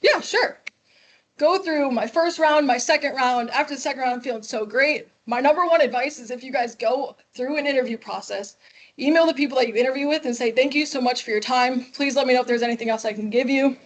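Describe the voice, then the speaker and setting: A woman in her twenties from Chicago, a guest speaker telling a class her story, lively and acting out the people she quotes. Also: sits high, quick pace. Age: 20s. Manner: lively, acts out quoted dialogue.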